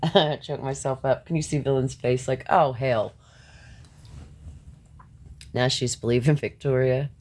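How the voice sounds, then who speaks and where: A man's voice: medium pitch, fairly even intonation, moderate pace, hardly any pauses, a little mellow. A man hosting a live stream, ranting bluntly and confrontationally at his viewers, swearing freely and laughing between points. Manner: talks back to chat, laughs between points.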